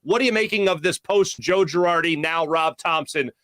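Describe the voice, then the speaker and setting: A man's voice: on the high side, normal speed, sharp tone, no echo, studio quality. A man hosting a sports talk show, chatty and jokey, often laughing. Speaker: sports radio host.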